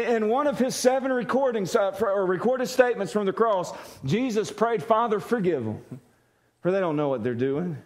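A pastor with a high voice and a darkish tone preaches a sermon. He tells a story, acting out the voices in it with laughter.

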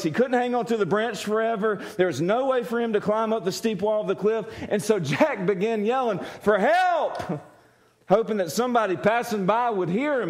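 A man preaching a sermon, telling a story and acting out the voices in it. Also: sits high. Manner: storytelling, acts out voices with laughter. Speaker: pastor.

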